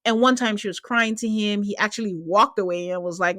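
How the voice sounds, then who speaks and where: Woman host doing a reality show recap, chatty and animated, acts out quotes, dry close sound. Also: mid-range voice, brisk, no echo. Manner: animated, laughing, mimics people in quotes. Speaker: podcast host. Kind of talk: casual recap chat.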